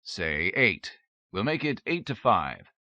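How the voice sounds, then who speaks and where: A man's voice: on the low side, very animated, takes it slowly, bright, forceful tone, no room sound, exaggerated voice. A man playing a commanding, formal male inventor who speaks in a clipped way, in a dull, dry recording.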